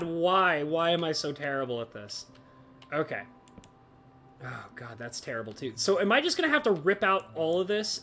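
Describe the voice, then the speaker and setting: A woman streaming a building game, chatting casually and talking to herself, with frequent exasperated exclamations. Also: low voice. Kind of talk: casual live-stream commentary.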